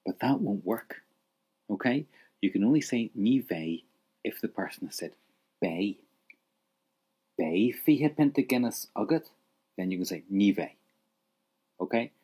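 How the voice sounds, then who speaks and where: Man, language teacher, husky voice, slow and encouraging, lively pitch. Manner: patient, encouraging, prompts the listener to repeat. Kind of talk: spoken language lesson with drills.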